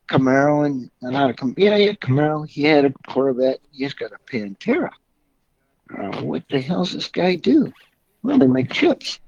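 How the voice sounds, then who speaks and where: A man's voice: fairly high pitch, vocal fry, darkish tone, breathy edge. Rambling older man telling car-club stories. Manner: rambling, folksy, with mild swearing. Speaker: car club member, guest. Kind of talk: casual anecdotal storytelling. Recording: dull lo-fi recording.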